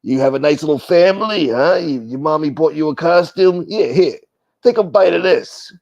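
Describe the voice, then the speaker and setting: A man's voice: a little high, lively intonation, normal speed, creaky, darkish tone, muffled recording, voice pushed up. A man voicing a sinister stranger who hands out poisoned Halloween treats, taunting the kids in a mock-sweet, menacing way.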